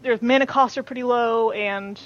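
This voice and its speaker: A woman's voice: on the high side, fairly even intonation, normal speed, muffled recording. A woman chatting as a podcast guest, talking loosely with many fillers and restarts. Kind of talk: casual chat.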